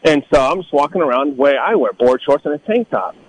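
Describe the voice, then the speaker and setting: A middle-aged man from Northern California in a casual storytelling talk, animated, acting out the people he quotes in a higher voice. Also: fast, slight background noise, low-quality recording. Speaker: guest telling life stories.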